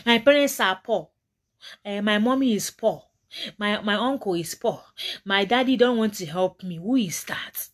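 A woman's voice: medium pitch, normal speed. A Nigerian woman giving a motivational talk to camera, emphatic and preachy, often repeating her points. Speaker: motivational vlogger.

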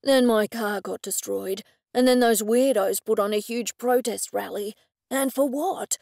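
Woman doing a grieving businessman, slow, heavy, aggrieved, low gravelly tone. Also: a little mellow, no echo, studio quality. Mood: grieving, frustrated. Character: grieving, frustrated male businessman widower.

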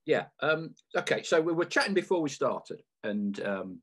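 Man, podcast host, husky, breathy tone, chatty, meandering. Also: a little high, sing-song, normal speed, a bit bright. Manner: chatty, meandering questions with fillers. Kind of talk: casual interview.

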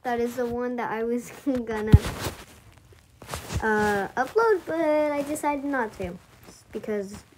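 A woman with a slightly high voice speaks slowly over a noisy background, giggling often as she gives rambling, hesitant commentary on the game she's playing. She's the channel owner, and this casual gameplay talk is captured by a screen recording with a voice mic.

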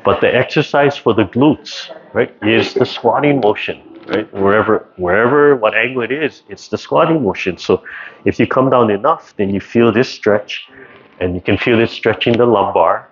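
A man teaching tai chi over a video call, relaxed and rambling, checking in with "right?" often. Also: fairly low pitch, moderate pace, slightly rough. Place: community class, indoors. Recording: dull lo-fi video call audio with faint noise.

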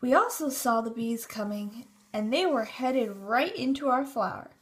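A woman narrating a children's storybook in a steady, expressive reading. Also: fairly high pitch, moderate pace.

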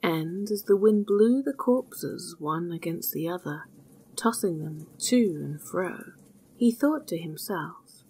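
Folk tale narrator, a woman with a husky voice and a slow, measured telling. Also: fairly low pitch, animated, mellow. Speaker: storyteller.

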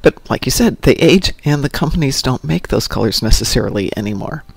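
A man's voice: medium pitch, lively intonation, brisk, creaky, slightly rough, dry recording. A middle-aged man hosting a casual morning show, rambling and poking fun at himself. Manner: rambling and self-mocking.

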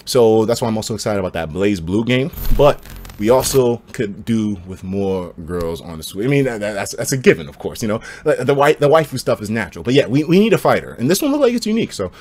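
A young man livestreaming and reading chat, slangy and profane, swinging between hyped outbursts and low mumbling. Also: big pitch swings, fast talker, a little mellow.

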